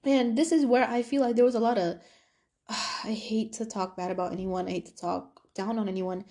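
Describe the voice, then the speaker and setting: A woman's voice: a little high, normal speed. A young woman hosting a podcast, telling a personal story in a chatty, casual way, full of fillers and quoted back-and-forth. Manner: chatty, animated retelling with quoted voices and fillers. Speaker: podcast host.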